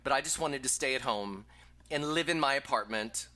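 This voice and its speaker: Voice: medium pitch, normal speed, sharp tone. A host in a casual interview, asking enthusiastic, rambling questions.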